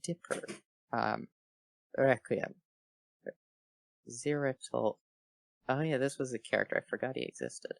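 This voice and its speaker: A man reads a fanfiction aloud for laughs, his voice sitting in a middle register. He switches into quick character voices and keeps breaking off to joke. The recording is close and dry, with no room sound. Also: mid-range voice, gravelly, no room sound. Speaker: fanfiction reader. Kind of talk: comedic dramatic reading with commentary.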